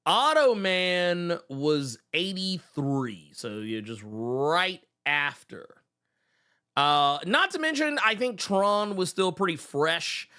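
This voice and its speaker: A show host is chatting casually with viewers on a live stream, joking, swearing, exclaiming and laughing often. His voice sits high and is animated, bright, forceful and clean, and he takes his time.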